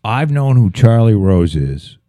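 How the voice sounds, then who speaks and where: A man's voice: on the low side, big pitch swings, a little slow, warm tone, no room sound. A man, rambling through crude casual banter. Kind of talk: casual chat.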